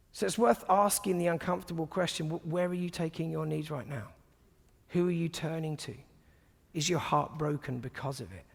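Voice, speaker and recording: A man giving a sermon to a congregation, conversational and humorous, often dropping to soft, hushed tones. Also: on the high side, vocal fry, long reverb tail. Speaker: guest preacher. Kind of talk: sermon with personal stories.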